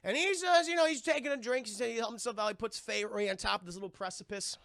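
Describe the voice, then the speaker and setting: A man live-streaming a casual, profane scene-by-scene film retelling, animated and slipping into quick voices for the characters. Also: high-pitched, creaky, no echo, studio quality.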